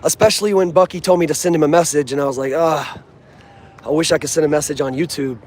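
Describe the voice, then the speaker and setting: Young man, outdoor vlog, slightly high voice, earnest, slangy, casual. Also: rapid-fire, slight background noise. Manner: animated, earnest, streetwise slang. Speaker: sports fan vlogger.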